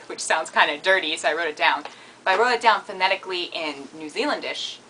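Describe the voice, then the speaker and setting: A young woman vlogging casually and goofily, rambling between jokes with sudden loud, squealing outbursts. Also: fairly low pitch, animated, brisk, slight background noise, low-quality recording. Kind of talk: casual comedic vlog.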